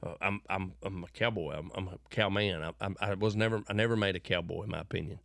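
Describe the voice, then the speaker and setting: A man's voice: low-pitched, steady tone, fast talker, creaky, fairly bright tone, no room sound, studio quality. A middle-aged man from West Texas with a West Texas accent, telling rambling, folksy stories in an interview and often restarting his words. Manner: folksy, repeats and restarts words, preachy bursts. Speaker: interview guest. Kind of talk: rambling conversational storytelling.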